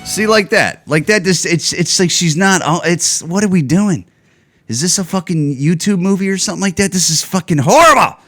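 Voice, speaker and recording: A man hosting his own podcast, ranting casually and sarcastically with plenty of swearing and loud, higher outbursts when he gets worked up. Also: moderate pace, soft background music. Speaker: podcast host. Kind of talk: casual solo podcast rant.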